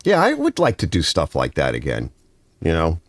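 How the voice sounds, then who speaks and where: A man's voice: rumbling low, huge pitch swings, normal speed, creaky. A man with a Northern US accent hosting a casual garage livestream, rambling and reading viewer comments aloud.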